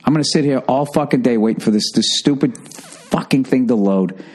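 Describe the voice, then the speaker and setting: A man's voice: medium pitch, moderate pace, a little mellow. Grumbling man ranting at home. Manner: grumbling, profane rants. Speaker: podcast host. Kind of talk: casual podcast banter.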